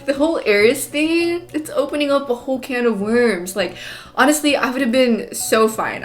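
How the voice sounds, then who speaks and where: A young adult woman giving animated live reactions in a book-reading vlog, exclaiming, laughing and sighing often. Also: high-pitched. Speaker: book vlogger.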